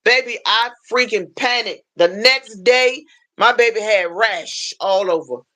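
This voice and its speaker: A woman hosting a casual livestream chat, telling animated stories and acting out the people she quotes. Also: unhurried, poor audio. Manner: animated storyteller, acts out quoted voices with high pitch. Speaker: livestream host. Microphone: phone livestream.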